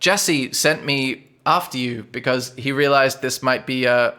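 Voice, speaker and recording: A man's voice: medium pitch, unhurried, bright, forceful tone. A man voicing a small, out-of-breath male messenger in a tabletop game. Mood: breathless.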